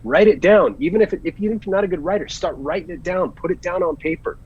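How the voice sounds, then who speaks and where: A man, an actor, chatting as an interview guest, telling animated stories and giving earnest advice. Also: high voice, very fast, breathy edge, lo-fi sound. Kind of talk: casual interview chat.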